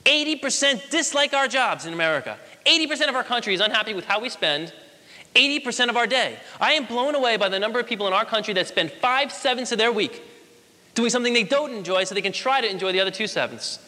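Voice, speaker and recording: Speaking in a very high, pushed and bright voice, this late-twenties motivational speaker is expressive and quick. He addresses an audience in a large hall with emphatic rhetorical questions, and the recording carries long hall reverb.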